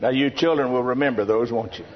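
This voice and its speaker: A man's voice: mid-range voice, quick pace, a little hiss or hum. A man from Texas with a Texan accent, preaching a sermon full of folksy, humorous stories. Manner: folksy, humorous anecdote-telling. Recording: dull lo-fi sermon recording.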